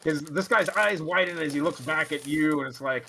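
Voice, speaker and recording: Game master, male, fairly high and bright voice, loose rambling narration. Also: moderate pace, few pauses, a little hiss or hum. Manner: rambling, filler-heavy narration with laughs.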